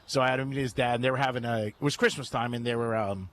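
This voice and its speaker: A man's voice: mid-range voice, fairly even intonation, fast talker, slight background noise. A man hosting a live radio show from a cigar lounge, rambling through stories and laughing often. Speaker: radio host. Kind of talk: casual radio chat.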